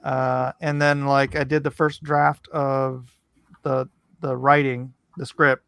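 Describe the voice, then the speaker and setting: Gravelly, dry-sounding male livestream host. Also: medium pitch, little pitch movement, slow pace, a bit bright, dry recording. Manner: rambling, loose, many restarts. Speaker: livestream host and comic artist. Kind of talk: casual livestream chat.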